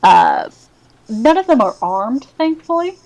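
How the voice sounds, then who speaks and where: A woman narrating as game master of a tabletop role-playing game, giggly and lively. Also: fairly high pitch, slow, poor audio.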